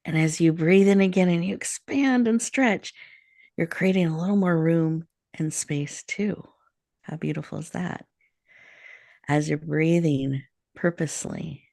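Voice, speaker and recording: A woman radio host leading a guided breathing meditation in a slow, soothing, inviting way before she welcomes a guest. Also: deep voice, creaky, warm tone, no room sound, studio quality.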